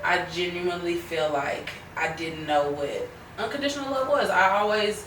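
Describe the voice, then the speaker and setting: A woman's voice: lowish voice, moderate pace, roomy sound, far from the mic, noisy background. A woman hosting a podcast in casual chat, laughing often and calling her listeners y'all. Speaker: podcast host.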